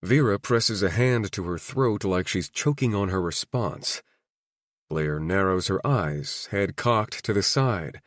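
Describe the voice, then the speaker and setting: Low-voiced male romance narrator. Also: expressive, slow pace, no echo, studio quality. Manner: wry, introspective. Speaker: audiobook narrator. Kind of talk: first-person romance narration.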